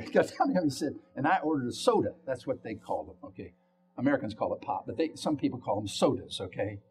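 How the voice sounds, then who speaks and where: A man preaching a sermon, telling a story with lively swings from loud exclamations to hushed whispers and calling out questions to the congregation. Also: medium pitch, brisk, faint music behind.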